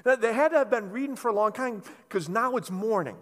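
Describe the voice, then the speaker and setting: A man preaching a sermon, telling a story with animated delivery and playful asides. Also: sits high, brisk, big-room sound. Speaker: pastor.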